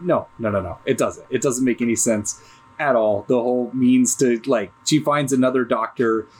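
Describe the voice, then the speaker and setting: A man co-hosting a casual film podcast in a mid-pitched voice. He rambles and restarts his sentences, laughing easily as he goes. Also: a little mellow, slight background noise, poor audio. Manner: rambling, halting, laughs often. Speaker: podcast co-host. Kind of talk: casual film discussion chat.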